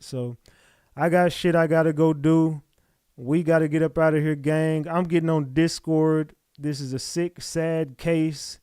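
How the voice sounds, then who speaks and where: A man's voice: a little high, darkish tone, smooth, no room sound, clean studio sound. Blunt, mocking male livestream host. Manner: exasperated, mocking, talks straight to viewers. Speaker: livestream host reacting to a clip. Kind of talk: blunt profane livestream commentary.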